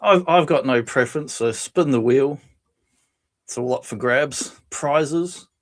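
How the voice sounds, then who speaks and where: A man's voice: medium pitch, slow pace. A man, co-hosting a casual podcast, retelling comedy scenes with laughs and acted-out quotes. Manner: animated storytelling, laughs often, acts out quotes. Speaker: podcast co-host. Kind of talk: casual chat.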